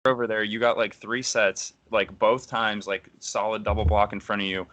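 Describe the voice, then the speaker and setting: A man co-hosting a relaxed podcast chat, easygoing and full of slang. His voice sits low but carries a sharp, forceful brightness. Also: moderate pace. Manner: laid-back, says dude and man a lot. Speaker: podcast co-host, former volleyball player.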